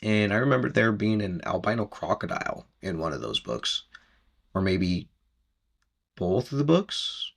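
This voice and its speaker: A man's voice: on the low side, very animated, measured pace, gravelly, a bit bright. A man hosting a podcast, casually recapping a book chapter in a rambling, chatty way with easy laughs.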